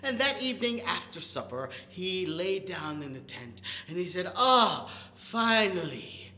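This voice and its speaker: A man's voice: high-pitched, very animated, a little slow, sharp tone, reverberant, a little hiss or hum. A man leading a toddler storytime, telling a story with playful animal and vehicle noises. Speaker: children's librarian. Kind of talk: toddler storytime with sound effects.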